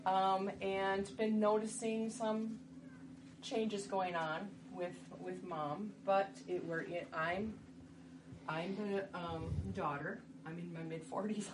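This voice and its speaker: A woman's voice: mid-range voice, fairly even intonation, takes it slowly. A woman presenting a workshop in a conversational style, often tossing in rhetorical questions. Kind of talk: instructional talk. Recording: distant mic, noisy room.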